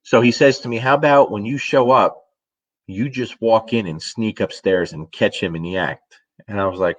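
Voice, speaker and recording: Middle-aged dog trainer guy, kinda low voice, lively storytelling, drops a swear here and there. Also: normal speed, muffled recording. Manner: animated storyteller, swears casually, acts out his own reactions. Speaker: dog trainer answering viewer questions. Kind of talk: casual storytelling Q&A.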